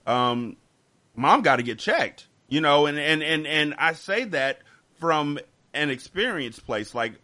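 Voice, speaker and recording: A man's voice: fairly high pitch, animated, measured pace, bright, forceful tone. A man hosting a casual podcast chat, talking emphatically and repeating words as he gets heated. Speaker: podcast host.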